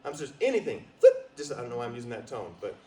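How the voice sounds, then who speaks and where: A man's voice: medium pitch, very fast, far from the mic, over a noisy crowd. Male motivational speaker, storytelling, calls for audience answers, room echo. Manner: lively, asks the audience to call out answers. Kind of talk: storytelling talk to a live audience. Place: retreat meeting room with a small audience.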